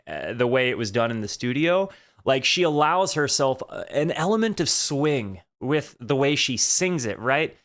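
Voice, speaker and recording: A man hosting a music reaction video, talking in an earnest, halting way as he thinks aloud. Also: mid-range voice, fairly bright tone, clean tone. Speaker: host of a music reaction channel. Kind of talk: casual reaction commentary.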